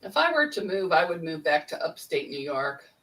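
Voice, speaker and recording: A woman's voice: low-pitched, big pitch swings, moderate pace, a bit bright. A woman from Ohio in a casual group chat, with a wry, dry humor. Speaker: livestream guest. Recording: distant mic with faint noise.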